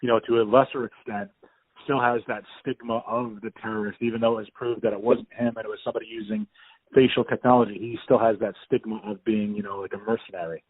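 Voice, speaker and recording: Excited man on a tinny phone line. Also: fairly low pitch, fast talker, slightly rough, dry recording. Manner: enthusiastic, rambling with restarts. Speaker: podcast host. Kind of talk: casual phone chat. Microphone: phone call.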